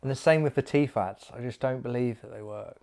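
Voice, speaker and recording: A man's voice: medium pitch, brisk, gravelly, darkish tone. Easygoing podcast co-host man. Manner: easygoing, laughs along, brief replies. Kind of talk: casual chat.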